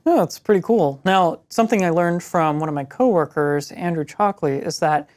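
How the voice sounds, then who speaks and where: A man's voice: on the high side, moderate pace, darkish tone. Easygoing, enthusiastic man presenting web tools on a tech show. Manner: enthusiastic, casual. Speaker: co-host. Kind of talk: casual tech news show.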